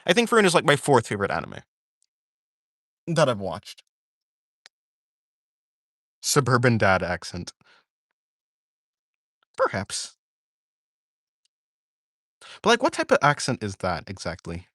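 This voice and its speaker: Rambling man with a lively voice. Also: mid-range voice, takes it slowly, long pauses, no room sound, studio quality. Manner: rambling, full of "like" fillers and self-corrections; reads viewer questions aloud and answers them. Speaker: art streamer chatting with viewers. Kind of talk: casual livestream chat.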